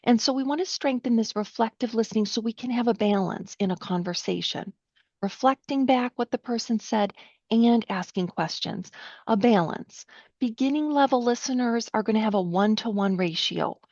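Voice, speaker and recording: A middle-aged woman counselor leads a training workshop, teaching patiently step by step and often checking in with her listeners. Her voice is a little high and slightly mellow, at normal speed. The recording is dry with a dull lo-fi sound.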